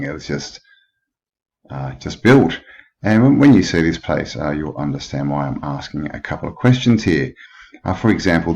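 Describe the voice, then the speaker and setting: Male host, very low voice, casual questioning history voice-over, dull lo-fi audio. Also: darkish tone. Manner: chatty, questioning, frequent filler words. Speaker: channel host.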